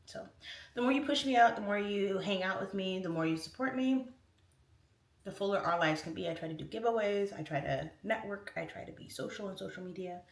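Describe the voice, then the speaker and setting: A woman's voice: medium pitch, fairly quick. Chatty woman livestream host, rambling "like"-heavy delivery, recorded from a distance in an echoey room. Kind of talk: casual livestream chat, reading out comments. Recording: roomy echo, distant mic.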